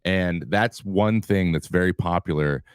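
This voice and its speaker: A man in his thirties, a retired pitcher, telling loose clubhouse stories in an interview, with many restarts and chuckles. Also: unhurried, clear, resonant tone, no echo, studio quality. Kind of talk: casual storytelling interview.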